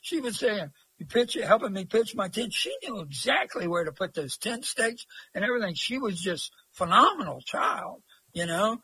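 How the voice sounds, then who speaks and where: A man's voice: sits high, sing-song, moderate pace, sharp tone, slightly rough, no room sound. A man, a long-distance walker telling stories as an interview guest in a rambling, folksy way. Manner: rambling, folksy, many fillers. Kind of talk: casual storytelling.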